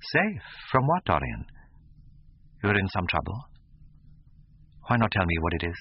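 A man doing a languid, cynical lord, low and husky. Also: huge pitch swings, normal speed, highs cut off, full character voice. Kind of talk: audiobook character reading.

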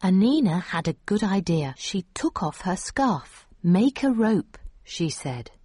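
A woman reading a children's picture book aloud, slowly and clearly, with expressive rises and falls. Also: fairly low pitch. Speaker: storyteller.

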